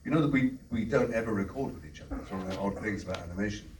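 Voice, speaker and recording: A man on a convention panel, answering an audience question in an articulate, explanatory way, with quick restarts. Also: fairly low pitch, darkish tone, slight background noise. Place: large convention hall. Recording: echoey hall from far off.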